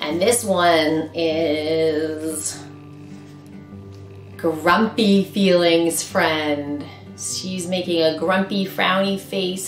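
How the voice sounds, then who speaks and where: Animated sing-song woman for toddlers. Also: fairly low pitch. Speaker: children's librarian. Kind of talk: singing and talking to toddlers. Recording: roomy sound with guitar music.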